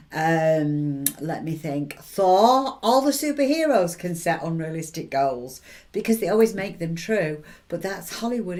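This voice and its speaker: A woman's voice: fairly low pitch, a little mellow. A woman giving chatty, encouraging life advice, often checking in with the listener through little tag questions. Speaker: intuitive reader and advice giver. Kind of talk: motivational advice talk to camera.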